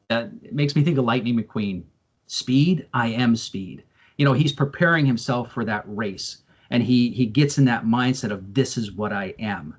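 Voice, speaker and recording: A man presenting an online training session in an earnest, explanatory way, with frequent fillers and repeated words. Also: medium pitch. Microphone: video call microphone.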